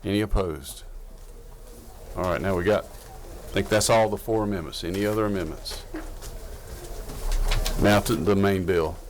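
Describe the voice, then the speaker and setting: Man, low voice, committee chair reading amendments, faint room hiss. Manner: reads amendments slowly and deliberately. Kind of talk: chairing a legislative committee vote.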